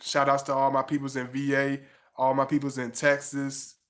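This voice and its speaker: A man's voice: mid-range voice, completely flat delivery, normal speed. A man hosting a livestream, talking loosely and affectionately to viewers with lots of slang and fillers. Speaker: livestream host. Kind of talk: casual chat to viewers.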